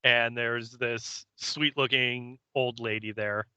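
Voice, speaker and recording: A man co-hosting a podcast, casually recapping an episode scene by scene and slipping into quick character voices. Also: medium pitch, little pitch movement, pushed and bright, clear, resonant tone, no room sound, dull audio. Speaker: podcast co-host.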